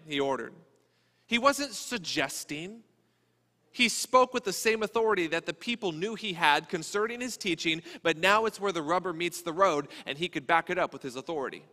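A man preaching a sermon as a pastor, speaking in a conversational, animated way. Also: sits high, normal speed. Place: church sanctuary. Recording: long church reverb.

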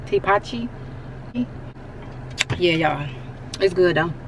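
A woman's voice: medium pitch, a little fast, background noise. A young woman talking casually to her viewers in a vlog, chatty and always calling them y'all. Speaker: vlogger. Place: in her car, later at home. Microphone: handheld camera mic.

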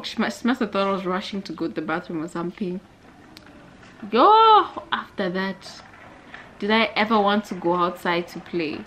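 A young woman from Zambia telling a childhood story to viewers in a casual, animated way. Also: lowish voice, normal speed, slight background noise. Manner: animated, chatty, addresses viewers directly. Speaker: vlogger.

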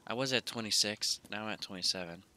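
A man's voice: lowish voice, quick pace, pushed and bright, a little hiss or hum. A man casually commenting on his gameplay in a laid-back, drowsy, mumbling way. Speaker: gaming YouTuber.

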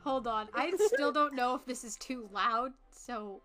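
A woman's voice: a little high, a little slow, very noisy. A young woman co-hosting a game let's play, giggling a lot and gushing over the characters. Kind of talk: casual gaming chat.

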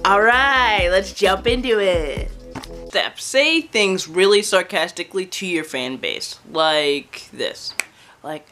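A woman's voice: medium pitch, takes it slowly, bright, forceful tone, faint music behind. A woman vlogging a playful, sarcastic comedy how-to video. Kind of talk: comedic tutorial vlog.

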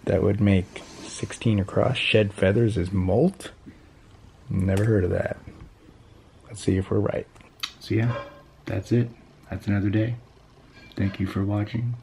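A man vlogs to camera in an easygoing, chatty way. His voice sits low with a gravelly edge. Faint background noise hums along under the handheld recording. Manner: chatty and upbeat, drops to a hushed whisper at night. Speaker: vlogger. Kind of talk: casual vlog talk to camera.

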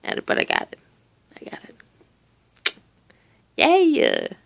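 A woman's voice: sits high, huge pitch swings, takes it slowly, vocal fry, pushed and bright, dry recording. A teenage girl vlogging casually from her bed at home, chatty and rambling, with casual swearing. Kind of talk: casual chat.

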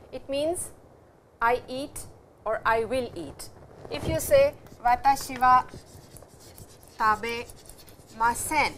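A woman teaching a language lesson, explaining slowly and repeating each example sentence. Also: high-pitched, a bit bright, a little hiss or hum, rough recording. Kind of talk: classroom lecture.

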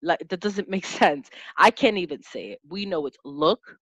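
A woman teaching a lesson, sounding out letters and syllables slowly and clearly as an instructor. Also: fairly low pitch, animated, no room sound, dull audio. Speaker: teacher and test-prep instructor.

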